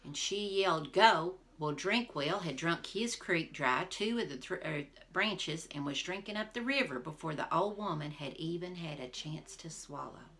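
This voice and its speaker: A woman teacher reading a folk tale aloud to her class, expressive and talking to the listeners directly. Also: low voice, moderate pace, hardly any pauses. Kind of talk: storybook read-aloud for a class.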